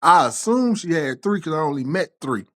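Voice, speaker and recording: A man's voice: fairly high pitch, normal speed. A young man telling casual, slang-heavy stories with a lot of swearing. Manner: animated, swears freely, slangy. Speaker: storyteller. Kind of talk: casual anecdotal storytelling.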